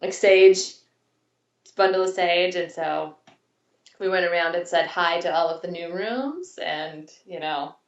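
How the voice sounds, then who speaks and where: A woman in her thirties, a podcast co-host, chats casually on a video call from her new house while showing off the yard, rambling and laughing often. Her voice is lowish and unhurried. She's far from the mic, so the sound is muffled and roomy.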